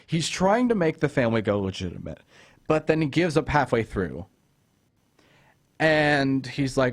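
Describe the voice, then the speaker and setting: A man's voice: medium pitch, big pitch swings, measured pace, pauses often. A young man hosting a casual film review chat, ranting with exasperation about a character and retelling scenes. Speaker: host.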